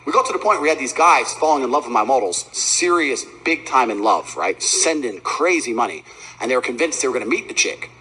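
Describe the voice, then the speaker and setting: Boastful, fast-talking man on a podcast. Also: mid-range voice, expressive, pushed and bright, slightly rough, poor audio. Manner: boastful, profane, fast storytelling. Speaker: podcast guest telling a story. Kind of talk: casual podcast chat.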